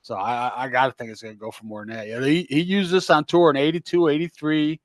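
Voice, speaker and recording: A man's voice: medium pitch, steady tone, fast, no echo. An older man co-hosting a casual podcast, easygoing and agreeable as he shares facts and details. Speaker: podcast co-host. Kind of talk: casual chat.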